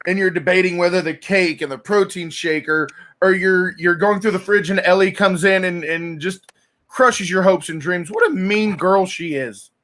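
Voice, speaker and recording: A man's voice: high voice, moderate pace, fairly bright tone. A man hosting an interview, asking questions in a laid-back, slangy way. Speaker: interviewer, host. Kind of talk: casual interview.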